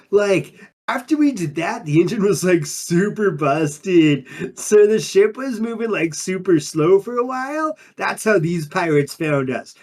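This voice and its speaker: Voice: medium pitch, darkish tone. A performer playing a laid-back undine monk who talks in drawling surfer slang, in an improvised in-character interview. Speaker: player character.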